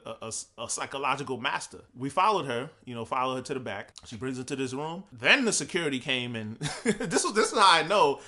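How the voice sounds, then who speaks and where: Young man from Providence, quick bright delivery, loose profane storyteller. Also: medium pitch. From Providence, Rhode Island. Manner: laid-back, profane, laughs through stories. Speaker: podcast host. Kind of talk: casual storytelling.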